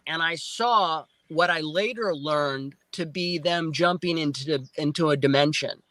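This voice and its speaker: A man recounts his experience with real excitement, acting out the noises and what he said at the time. His voice sits high and sounds bright and forward. The sound is close and dry, with no room around it. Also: dry recording. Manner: excitable, acts out sounds and quotes. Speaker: guest. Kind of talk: animated storytelling.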